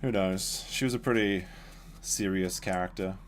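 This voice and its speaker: Playing a dinosaur game live, a man chats loosely with his audience, rambling along as casual commentary. He speaks at a normal speed in a low-pitched voice, over a little hiss or hum.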